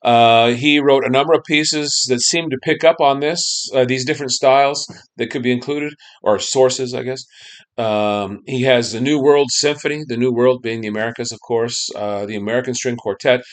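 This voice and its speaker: A man's voice: mid-range voice, steady tone, normal speed. A man lecturing a class on music history, loose and conversational, checking in with the students and humming snippets of melodies.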